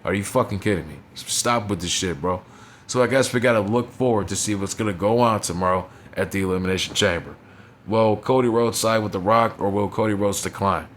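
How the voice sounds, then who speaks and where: Young male reviewer, lowish voice, casual foul-mouthed rant, faint hiss behind. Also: brisk. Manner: blunt, profane, dismissive, leans on "you know what I'm saying". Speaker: wrestling show reviewer. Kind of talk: casual profane recap commentary.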